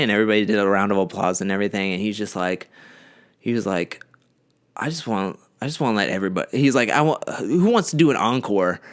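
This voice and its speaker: Young male podcast co-host, slightly low voice, loose and rambling storyteller. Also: moderate pace, pauses often, smooth. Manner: rambling, animated retelling with acted-out quotes. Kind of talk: casual storytelling.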